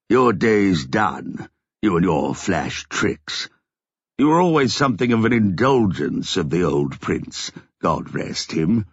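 Bloke putting on a smug sneering official, east end slang, low husky voice. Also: male voice, no echo, highs cut off, full character voice. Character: menacing older male government official, smug.

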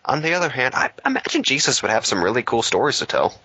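A man's voice: medium pitch, huge pitch swings, fast, bright, forceful tone, husky, no room sound. A man co-hosting a casual podcast chat, making dry, wry quips. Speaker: podcast co-host.

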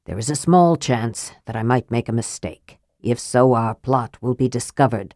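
A woman voicing a frail, sly male mage in an audiobook, with a soft, low, reproachful murmur. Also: normal speed, dry recording, clean studio sound. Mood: sardonic. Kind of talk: audiobook character voice.

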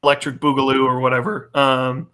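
A man hosting a casual chat, excitable and quick to laugh. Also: medium pitch, clear, resonant tone. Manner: excitable, laughs often, quick fan talk.

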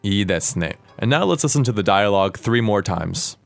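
A man hosting a podcast language lesson, explaining words clearly and asking his co-host questions. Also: lowish voice, lively intonation, fast talker, loud music behind the voice.

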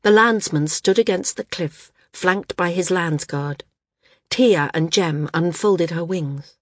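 Low-voiced woman narrating a novel. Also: takes it slowly, no echo, clean studio sound. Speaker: audiobook narrator. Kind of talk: scripted narration.

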